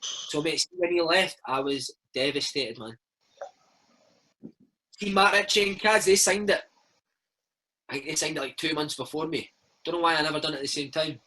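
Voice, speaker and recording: Chatty Scottish man, bright and husky. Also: fairly high pitch, normal speed, long pauses, rough recording. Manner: chatty storyteller, peppers speech with "mate" and "man". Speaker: former footballer, interview guest. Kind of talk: casual interview chat.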